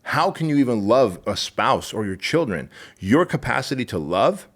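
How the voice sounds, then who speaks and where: A man who is a guest on a podcast, talking forcefully and emphatically, swearing as he makes his points in casual chat. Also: medium pitch, big pitch swings, normal speed.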